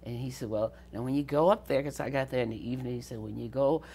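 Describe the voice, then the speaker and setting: An older woman from the Southern United States tells stories from her youth in an interview. Her low voice has a gravelly edge, and she laughs often and acts out the voices of people she quotes. A faint hum sits behind her. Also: fast, dark tone. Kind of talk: storytelling interview.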